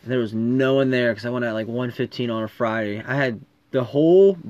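A man co-hosting a casual chat, ranting and swearing through quick complaints. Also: medium pitch, darkish tone. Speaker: podcast co-host. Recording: dull lo-fi dry sound.

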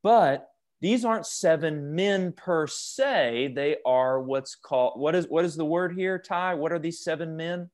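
A man's voice: on the high side, unhurried, darkish tone. A man leading a youth Bible study over a video call, questioning the group and joking as he teaches.

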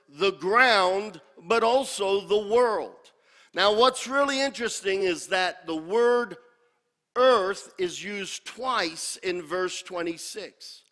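Man preaching slow and deliberate, voice sits high, echoes through a big hall. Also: fairly bright tone. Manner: calls for congregation responses; repeats key words for emphasis. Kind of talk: sermon teaching with scripture. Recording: long hall reverb.

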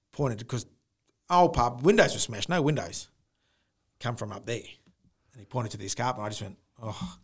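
A man telling a personal ghost story in casual chat, acting out the sounds he heard. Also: mid-range voice. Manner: animated storyteller, mimics the noise with rising howls. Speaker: podcast co-host.

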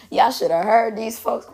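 A woman's voice: a little high, vocal fry, a little mellow, breathy edge. A woman in her twenties hosting a podcast, telling a story in a loose, profane, casual monologue. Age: 20s. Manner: loose, profane, laughs often. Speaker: podcast host.

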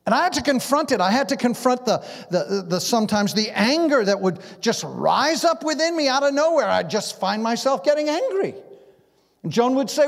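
A pastor preaching a sermon, acting out conversations and dropping to a hush at times, in a church sanctuary. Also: male voice, very high voice, a little fast, gravelly. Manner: animated, acts out conversations, drops to a hush. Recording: long reverb in a big hall.

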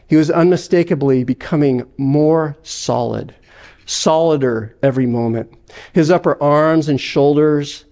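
A male pastor preaches in an earnest, reflective manner. His voice sits fairly high and carries a distinct gravelly grain. He speaks to a congregation, pausing now and then on fillers. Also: darkish tone. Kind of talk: sermon.

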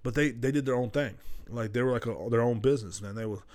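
A man's voice: medium pitch, fast, a little mellow. Young guy rambling solo on his podcast, swears every other word, keeps drifting off subject. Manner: profane, loose, jumps between stories. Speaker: podcast host.

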